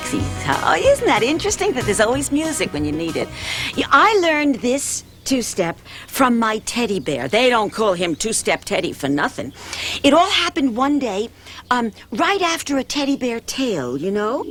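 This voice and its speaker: Middle-aged woman, children's show host, animated sing-song storytelling, coaxing, fairly high voice. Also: normal speed, faint music behind. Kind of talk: reading a story to children and teaching a dance.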